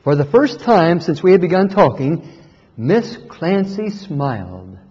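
A pastor earnestly narrating his own story with a high, lively voice. A husky edge runs through his speech. The recording is dull, with a long reverb hanging behind it. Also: unhurried. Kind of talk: first-person storytelling.

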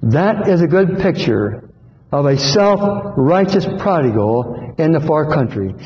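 A man's voice: fairly high pitch, very animated, unhurried, a little hiss or hum. A man preaching a sermon in a church hall, earnest and pleading, repeating phrases for emphasis. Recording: dull echoey hall recording.

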